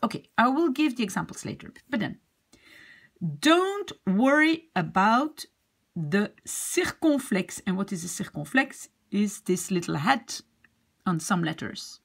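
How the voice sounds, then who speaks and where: A woman teaches beginners how letters are pronounced, repeating each sound and example word patiently. Her low, husky voice has a gravelly edge. She talks slowly, and her pitch rises and falls a lot. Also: big pitch swings. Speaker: French teacher. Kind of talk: beginner pronunciation lesson.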